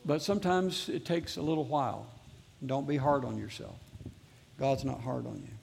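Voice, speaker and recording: A man's voice: medium pitch, moderate pace, gravelly, darkish tone, slight background noise. A man preaching a sermon as pastor to a live congregation, earnestly repeating his exhortations.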